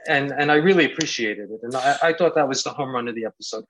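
A man's voice: medium pitch, quick pace, fairly bright tone, a little hiss or hum, low-quality recording. A man guesting on a podcast in casual chat, earnestly retelling scenes he admires.

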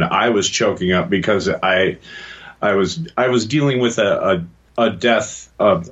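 A man's voice: lowish voice, a bit bright, dull audio. A man co-hosting a podcast, talking casually and thoughtfully, searching for words. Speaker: podcast co-host.

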